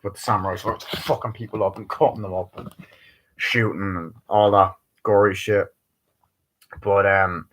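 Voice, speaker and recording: A man's voice: on the low side, fairly bright tone, rough recording. A man giving a casual spoken film review. He rambles, swears freely and drifts onto tangents. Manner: rambling, profane, tangent-prone, filler-heavy. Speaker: movie reviewer.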